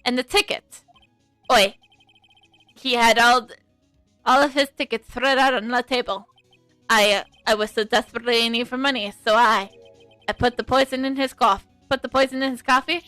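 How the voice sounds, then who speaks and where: A woman's voice: fairly high pitch, fairly even intonation, normal speed, long pauses, bright, forceful tone, no room sound, soft background music. A woman voicing a flamboyant, self-pitying male chef with fake French-tinged phrasing, reading a game aloud. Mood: flustered.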